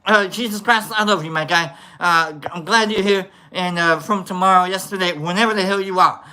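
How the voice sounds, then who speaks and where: A livestream host in casual, goofy chat, rambling with many fillers while giving shoutouts to viewers. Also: medium pitch, a little fast.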